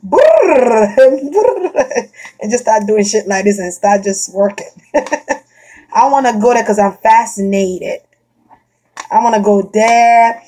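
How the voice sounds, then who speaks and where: A woman chatting casually and bluntly, swearing freely, laughing often and getting animated. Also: medium pitch. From Florida. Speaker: vlogger chatting to a friend. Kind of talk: casual chat.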